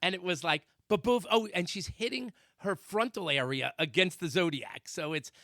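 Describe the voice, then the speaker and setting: Gravelly animated man telling a story. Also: sits high, moderate pace, no echo, studio quality. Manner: animated storyteller with sound effects and shouted quotes. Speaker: radio show co-host. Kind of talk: comic storytelling on talk radio. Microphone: studio microphone.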